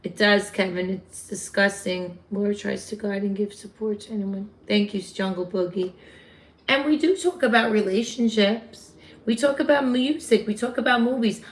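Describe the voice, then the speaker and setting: A woman's voice: medium pitch, moderate pace. A woman with a New York accent hosting a casual livestream, chatting with viewers and answering their comments. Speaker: livestream host.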